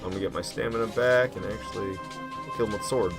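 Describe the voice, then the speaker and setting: A man giving casual, excitable commentary while playing a video game, slangy and quick to mock himself. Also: lowish voice, creaky, over music. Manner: excitable, self-mocking, slangy. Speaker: gaming commentator.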